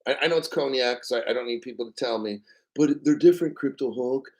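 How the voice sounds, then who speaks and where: A man hosting a casual livestream, rambling and profane and clearing his throat often. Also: medium pitch, fast, rough recording. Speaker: crypto livestream host.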